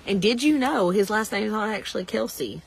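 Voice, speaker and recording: A woman in her thirties with a Southern US accent, telling a lively story in casual podcast chat and laughing often. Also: medium pitch, brisk, gravelly, slight background noise. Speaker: podcast co-host.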